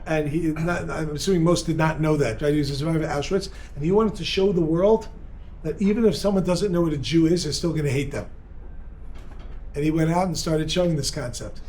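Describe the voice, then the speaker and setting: A male rabbi giving an energetic, joking seminar talk and bantering with a live audience in a room. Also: on the high side, fairly quick, slight background noise. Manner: energetic, joking, talks with the crowd.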